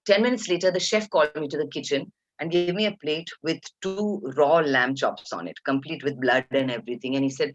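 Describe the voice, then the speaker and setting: A woman in her fifties with an Indian English accent, guest speaker telling animated anecdotes and acting out quotes. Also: deep voice, fairly quick, few pauses. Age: 50s. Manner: lively storyteller, acts out quotes, laughs often. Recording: dull lo-fi webinar audio.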